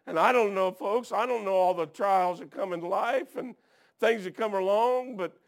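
A man preaching a folksy sermon, telling stories and dropping frequent amens, swinging from hushed to shouting. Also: sits high, normal speed, creaky.

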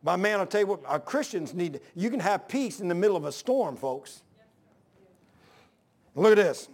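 High-voiced preaching man. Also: expressive, moderate pace. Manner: preaching with swings between loud exhortation and low hushed asides. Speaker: pastor. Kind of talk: sermon.

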